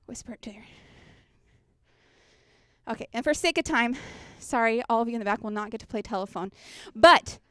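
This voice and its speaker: A woman's voice: a little high, animated, fast talker, hardly any pauses, bright, forceful tone, clean tone, dry recording, clean studio sound. A woman presenting a children's ministry workshop, chatty and engaging, often checking in with her audience on a handheld mic. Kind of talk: workshop teaching. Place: conference workshop room.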